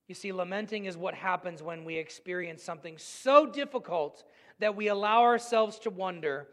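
Man, pastor, sermon, earnest, high voice, long hall reverb. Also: moderate pace. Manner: earnest, storytelling, swings between loud and hushed.

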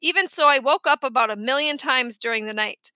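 A woman narrating a first-person children's audiobook in a lively, expressive storytelling manner, recorded close on the mic. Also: high-pitched, brisk, dry recording.

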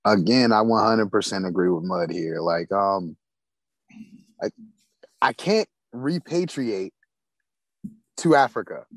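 An American man on a panel speaking in a firm, measured way. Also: lowish voice, animated, no echo. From United States. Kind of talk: casual discussion.

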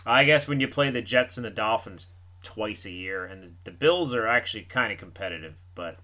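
A man's voice: lowish voice, expressive, a little fast, pushed and bright. A man co-hosting a casual podcast, trading wry remarks about football. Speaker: podcast co-host.

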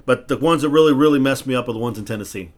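A man's voice: medium pitch, rapid-fire. A man hosting a casual podcast, telling stories in a heated, profane way and restarting his words when he gets worked up. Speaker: podcast host.

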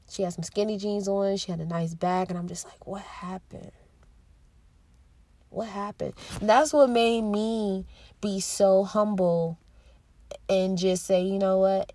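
A woman in her thirties hosting a podcast, talking alone in an earnest, heartfelt way with pauses and restarts. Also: mid-range voice, a little mellow, no echo. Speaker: podcast host. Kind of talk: reflective solo monologue.

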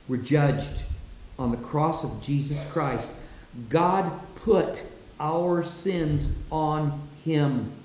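Male preacher, dramatic sermon delivery, unhurried, recorded with a roomy echo. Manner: dramatic, drops low and soft for quoted words.

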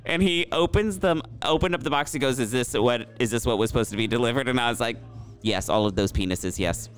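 A man's voice: mid-range voice, fast, a bit bright, clear, resonant tone, soft background music. A man co-hosting a podcast, telling a story in a loose, rambling way with plenty of restarts. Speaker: podcast co-host. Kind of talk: casual chat.

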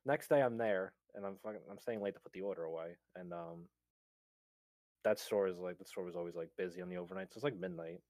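Casual young male storyteller, lowish voice, cusses and laughs, dry close sound. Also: fast talker, darkish tone, no echo. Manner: swears a lot, laughs often, acts out quotes.

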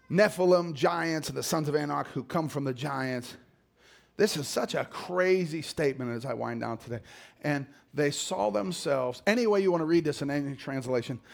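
A middle-aged male pastor preaching a sermon, dropping to low murmurs and climbing to shouted exhortation. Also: creaky.

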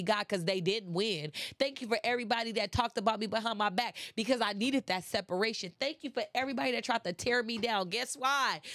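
A woman's voice: medium pitch, a bit bright, no echo. Woman, motivational speaker, casual and emphatic, middle voice, dry room. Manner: emphatic, repeats phrases for effect; chatty, addresses listeners directly. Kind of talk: casual inspirational talk.

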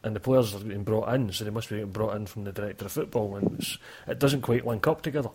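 Fast-talking opinionated Scottish man. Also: on the low side, a little mellow, slightly rough. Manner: chatty, opinionated, many restarts. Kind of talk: casual football chat.

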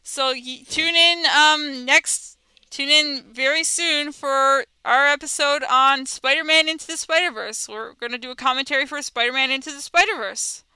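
A woman co-hosting a podcast in casual chat who giggles often and talks in halting stops and starts. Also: high-pitched, fairly even intonation, pushed and bright, no room sound. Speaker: podcast co-host.

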